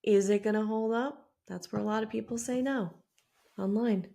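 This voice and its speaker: Applying her makeup, a woman vlogger talks casually to camera in a mellow, medium-pitched voice with vocal fry, fairly even intonation and a moderate pace. She chats a lot and pokes fun at herself, recorded on a camera mic set some way from the mirror.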